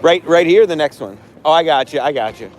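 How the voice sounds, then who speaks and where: A man with a slightly high, animated voice hosts a walking livestream outdoors around a stadium, talking a little fast as he rants and boasts brashly. Noisy street sound fills the recording.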